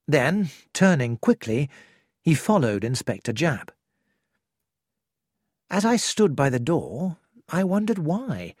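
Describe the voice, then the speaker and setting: A reader narrating a detective novel chapter in a measured storytelling style. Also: medium pitch, no room sound, clean studio sound. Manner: measured, lively storytelling intonation. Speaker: audiobook reader. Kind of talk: scripted narration.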